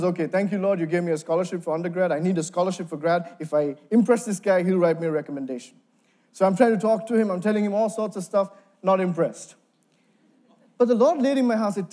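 A young man from Sri Lanka giving a faith testimony, telling his story with acted-out dialogue and quick laughs. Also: high-pitched, dark tone.

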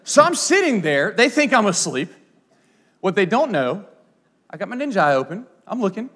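A man's voice: high-pitched, moderate pace. A man in his thirties preaching a sermon, telling playful stories with many asides. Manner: animated, playful storyteller with frequent asides. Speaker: pastor. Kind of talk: sermon with storytelling.

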